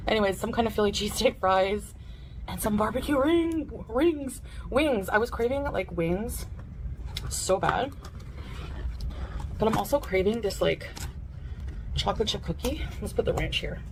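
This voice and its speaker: A woman's voice: mid-range voice, expressive, normal speed, long pauses, background noise. A woman streamer talking casually to her viewers while eating, often speaking through mouthfuls. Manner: talks while chewing, sloppy eating. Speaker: mukbang streamer. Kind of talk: eating livestream chat.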